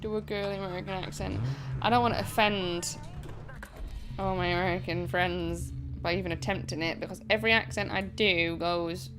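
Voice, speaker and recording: This gaming streamer, a Chesterfield woman whose accent straddles the Derbyshire-Yorkshire border, keeps up casual let's-play chat full of self-mockery and the odd swear word. She talks at a normal speed in a fairly low, fairly even voice over game music.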